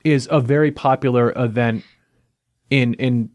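A man's voice: medium pitch, measured pace, no echo. A man hosting a podcast talks easily and casually, scattering fillers as he sets up the next book. The sound is dry and close, with no room around it. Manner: relaxed, chatty, with fillers like "like" and "you know". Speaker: podcast host.

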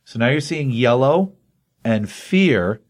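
A man recapping a comic book in casual, animated chat as a show host, acting out the characters' dialogue with plenty of fillers. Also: medium pitch, slow. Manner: animated retelling that acts out the dialogue, with many fillers. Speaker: podcast co-host.

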